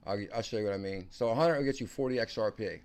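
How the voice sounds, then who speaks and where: A man hosting a casual crypto livestream, excitable and slangy, talking to viewers by name. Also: fairly low pitch, fast talker, a little hiss or hum. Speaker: crypto channel host.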